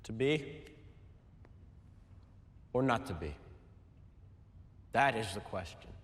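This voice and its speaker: A man's voice: fairly low pitch, animated, slow pace, a bit bright, big-room sound. Defiant teen boy declaiming on stage. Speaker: student performer. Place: school auditorium stage.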